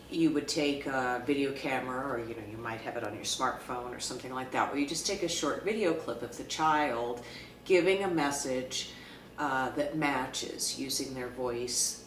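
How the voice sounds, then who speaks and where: Calm woman explaining, in an echoey room. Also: very deep voice, slight background noise. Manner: calm, measured, with frequent fillers. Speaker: clinical social worker teaching. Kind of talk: explanatory talk to camera. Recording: echoey room, mic at a distance.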